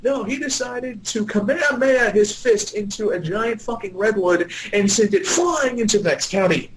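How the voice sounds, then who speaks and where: A woman's voice: mid-range voice, expressive, moderate pace, a little hiss or hum, low-quality recording. A young woman reading fan fiction aloud and mocking it with exasperated, sarcastic asides, tripping over typos. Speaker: fan fiction reader and commentator. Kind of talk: mocking dramatic reading with commentary.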